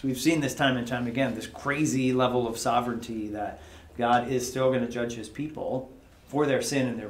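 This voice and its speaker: Man, Bible study teacher, casual conversational teaching, asks "right?" often, mid-pitched voice, echoey office. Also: slight background noise. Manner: conversational, keeps asking "right?" to the group; dramatizes prayers in an exasperated voice. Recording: echoey room.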